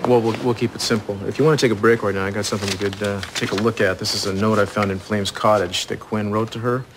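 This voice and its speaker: An actor playing a man who calmly and practically coaches a friend through a plan, in soap opera acting. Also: on the low side, fast talker, lightly acted. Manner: reassuring, practical. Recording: noisy old TV recording.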